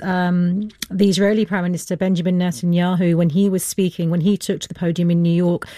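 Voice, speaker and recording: A woman presenting a radio news program, measured and smoothly linking topics and guests. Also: on the low side, dark tone, no echo, clean studio sound.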